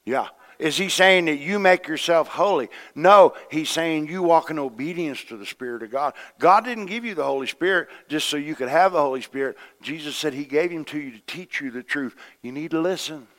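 A man preaching a sermon as pastor, folksy and conversational, swinging from hushed to loud. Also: on the high side, moderate pace, few pauses.

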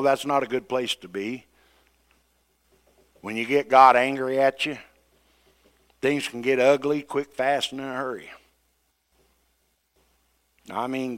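A man preaching a sermon, retelling scripture with dramatic quoted voices. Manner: dramatic, acts out quoted voices with rising pitch and loudness.

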